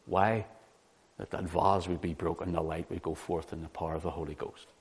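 A male preacher giving a Bible-teaching sermon in a fairly low voice. He is animated, and he keeps checking in with the listeners through rhetorical questions. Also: brisk, breathy edge.

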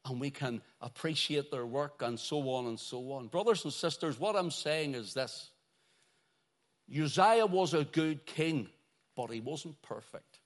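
A fairly high-pitched man delivering a sermon. He swings between ringing exclamations and phrases that fall almost to a murmur. He stretches out the words he wants his listeners to hold on to. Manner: dramatic preaching that swings from loud exclamations to near-murmurs; drawn-out, emphatic delivery on key phrases. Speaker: preacher.

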